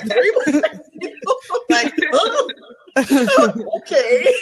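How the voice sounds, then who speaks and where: A woman who works as a psychic and Reiki master, telling a candid, animated story in a casual group video chat. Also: lowish voice, rough recording.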